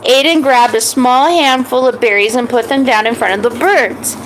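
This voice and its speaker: A woman telling a children's story in a gentle, animated way. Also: normal speed, slight background noise, low-quality recording. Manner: gentle, animated, high voices for the characters.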